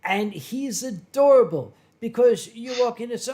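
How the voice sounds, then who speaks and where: A man's voice: extremely high pitch, lively intonation, moderate pace, a little mellow. A man hosting a casual drinking livestream, telling rambling, theatrical stories full of swearing. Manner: rambling, theatrical storyteller with profanity. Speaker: livestream host. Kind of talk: casual drinking-stream chat.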